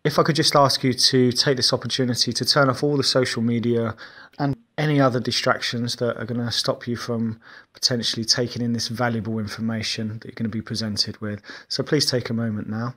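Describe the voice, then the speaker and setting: A man's voice: medium pitch, fairly even intonation, brisk, a bit bright. A man presenting a webinar as a life coach, earnest and informal, with fillers and restarts.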